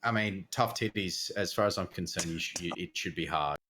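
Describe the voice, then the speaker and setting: A man's voice: low voice, fairly quick, sharp tone, husky. A man with an Australian accent co-hosting a gaming podcast, blunt and teasing. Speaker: podcast co-host. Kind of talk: casual gaming chat.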